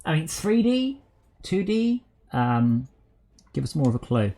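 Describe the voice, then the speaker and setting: A man's voice: on the high side, very animated, measured pace, dark tone. A man hosting a casual gaming stream, chatting and rambling aloud with lots of fillers while he sorts out game problems.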